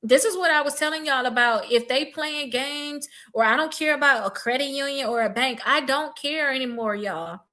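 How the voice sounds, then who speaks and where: Woman credit advisor, casual direct-to-viewer talk, bright forceful voice, blunt and emphatic. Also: high voice, normal speed, hardly any pauses. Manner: blunt, emphatic, addresses the audience as y'all.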